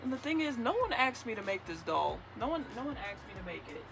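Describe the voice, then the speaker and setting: A young woman crafting and chatting to the camera in her bedroom, expressive, moving between weary grumbling and excited squeals. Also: a little high, fairly quick, creaky, over music. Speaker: crochet vlogger. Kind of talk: casual craft vlog, talking to camera.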